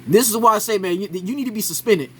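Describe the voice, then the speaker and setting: A man's voice: high voice, fast talker, breathy edge. A man giving an argumentative reaction commentary on a sports clip, keeps asking "right?" after his points.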